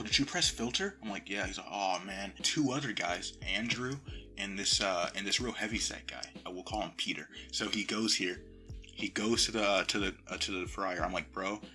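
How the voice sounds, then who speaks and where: Young guy, low pitch and very bright tone, rambling profane storyteller; phone recording, crackles, faint music behind. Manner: rambling, profane, laughs often. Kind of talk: casual storytime.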